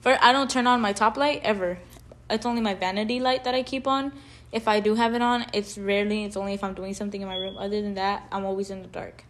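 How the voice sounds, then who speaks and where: A young woman co-hosting a podcast, casually telling a story full of "like" fillers and animated asides. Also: mid-range voice, fast talker. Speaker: podcast co-host. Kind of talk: casual chat.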